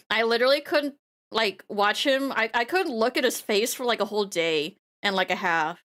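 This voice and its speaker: A woman streaming casually, her voice high and bright. She rambles through animated stories, laughing often and circling back to the same phrases. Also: normal speed. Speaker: VTuber streamer.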